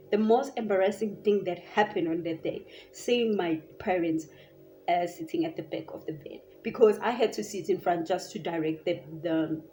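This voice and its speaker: A woman's voice: lowish voice, a little hiss or hum. Chatty young South African woman. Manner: animated, chatty, lots of filler "like". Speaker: vlogger. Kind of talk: casual storytime.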